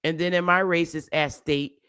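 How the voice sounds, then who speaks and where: A man's voice: on the high side, steady tone, moderate pace, sharp tone, clean tone, dry recording, clean studio sound. A man hosting a talk show, speaking with impassioned indignation and stammering repeats. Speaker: host. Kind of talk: emotional commentary.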